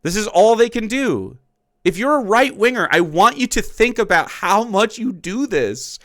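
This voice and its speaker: A man's voice: high-pitched, animated, normal speed, pushed and bright, no echo, studio quality. A man streaming and ranting about politics in a heated, profane, mocking way.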